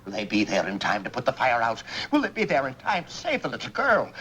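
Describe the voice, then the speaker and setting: An actor playing an excitable, blustering middle-aged boss with a theatrical way of talking, in 1940s film acting. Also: male voice, medium pitch, quick pace, slight background noise. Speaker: businessman.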